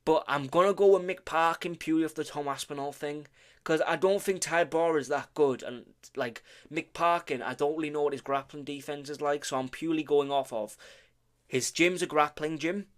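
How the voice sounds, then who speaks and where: A man's voice: fairly high pitch, brisk. A man casually talking through fight predictions, rambling, correcting himself, and tripping over names with offhand swearing and humor. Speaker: vlogger making fight predictions.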